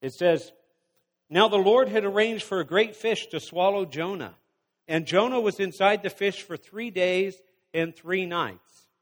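High-voiced preacher in a reverberant hall. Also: male voice. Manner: reads scripture then pauses to exhort the congregation. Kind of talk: sermon with scripture reading.

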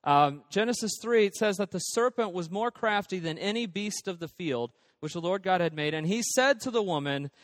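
Pastor, male, high voice, dry close sound, long hall tail, chatty sermon full of ums. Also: animated, normal speed, hardly any pauses. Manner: conversational, with many fillers and restarts.

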